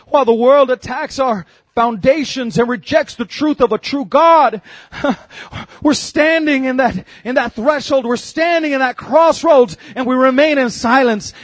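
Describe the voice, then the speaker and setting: High-voiced husky preaching man. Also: dry recording, clean studio sound. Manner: preaching with rising shouts and laughs. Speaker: pastor. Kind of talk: sermon.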